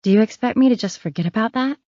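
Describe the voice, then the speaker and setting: A woman voicing a dry, sharp-tongued female private investigator. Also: fairly high pitch, fast, no room sound, highs cut off, lightly acted. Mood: wry.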